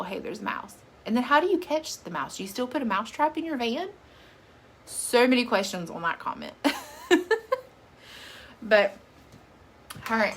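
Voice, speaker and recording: A woman hosts a casual live stream. She chats freely, reads viewer comments out loud and laughs often. Her voice is bright and forward. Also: a little high, slight background noise. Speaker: makeup seller livestream host.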